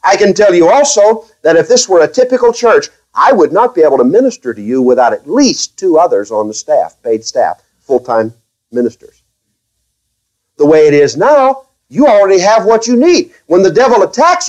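A man preaching a sermon as pastor to his own congregation, speaking carefully, with restarts and wry, gently sarcastic asides. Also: high voice, big pitch swings, moderate pace, muffled recording.

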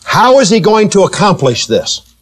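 A man preaching a sermon, teasing and questioning his listeners, with slow, emphatic delivery that rises and falls. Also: high-pitched. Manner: animated, teasing, asks the congregation questions.

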